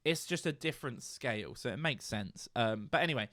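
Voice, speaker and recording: A British man co-hosts a music podcast, teasing and joking in loose casual chat. His pitch swings freely and sounds lively. The sound is close and dry, with no room around it. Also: brisk, no echo. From Britain. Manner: playful, teasing banter. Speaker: podcast co-host.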